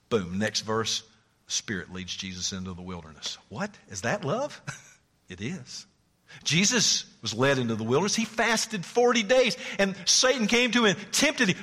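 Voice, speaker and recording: A male pastor preaching a sermon, moving from loud, climbing declarations to hushed near-whispers and folksy stories. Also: lowish voice, very animated, moderate pace, slightly rough, long reverb tail.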